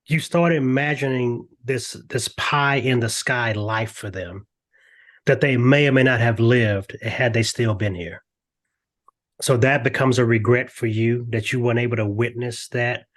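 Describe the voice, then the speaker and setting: An older man, a podcast guest, talking earnestly in a lively storytelling way with frequent restarts. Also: medium pitch. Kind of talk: candid podcast interview.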